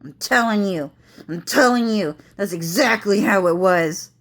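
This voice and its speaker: A woman's voice: medium pitch, a little slow. A woman vlogging from home, ranting to camera in a rambling, agitated way with constant swearing and repetition.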